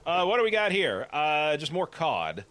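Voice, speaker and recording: A man's voice: fairly high pitch, big pitch swings, moderate pace, a bit bright, a little hiss or hum. A man hosting a casual let's play, chatting playfully and meowing to himself while he fishes. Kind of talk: casual gameplay commentary.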